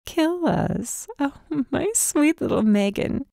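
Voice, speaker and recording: A woman's voice: low-pitched, slow, darkish tone, no echo, clean studio sound. A woman voicing a cruel young female villain who mocks and threatens in a sinister croon. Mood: mocking.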